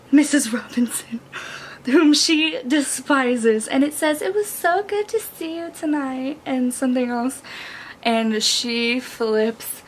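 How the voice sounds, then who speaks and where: A young woman excitedly recapping a plot in a casual vlog, saying "like" a lot. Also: fairly high pitch, slight background noise. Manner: excitable, heavy use of "like". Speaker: book and movie reviewer.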